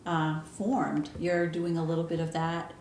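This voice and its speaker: A woman from the United States hosts a casual interview at a library, rambling a little with fillers as she talks. Her voice sits lowish in pitch, recorded in an echoey room with faint background noise. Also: little pitch movement, measured pace, a little mellow. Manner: chatty, many fillers and restarts. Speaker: interview host, library staff.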